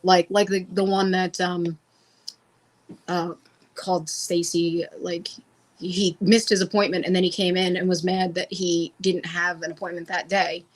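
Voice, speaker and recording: A woman's voice: on the low side, little pitch movement, a little slow. Bubbly chatty woman tattoo artist. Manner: bubbly and chatty, acts out what people said to her. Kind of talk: casual interview chat.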